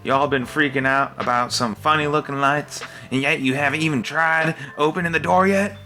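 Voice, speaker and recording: A man's voice: a little high, fairly even intonation, normal speed, bright, forceful tone, soft background music, pitched above the performer's own voice. A man voicing a brash, greedy adventurer who drawls "y'all" and cracks jokes in a tabletop game. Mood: mocking.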